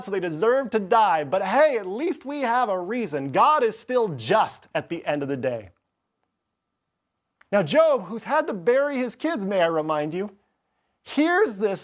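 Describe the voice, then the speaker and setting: A man preaching a sermon as pastor, reading scripture passages with dramatic delivery. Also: sits high. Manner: expressive, reads scripture dramatically.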